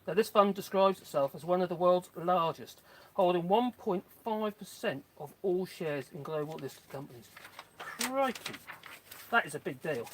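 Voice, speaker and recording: Kneeling in garden mud, the channel host chats casually on a live stream, wandering off into remarks to his dogs and his viewers. His voice sits high and moves at normal speed, and the outdoor phone-on-tripod recording has a little hiss or hum.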